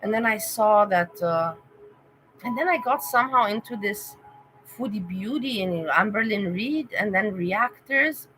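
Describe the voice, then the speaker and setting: Woman streamer, unscripted and emotional, talks straight to her chat in a bright, pushing voice. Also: medium pitch, lively intonation, unhurried, slight background noise, poor audio. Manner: rambling and emotional, thanking and addressing chatters by name. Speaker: vlogger chatting with live viewers. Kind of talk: casual livestream chat.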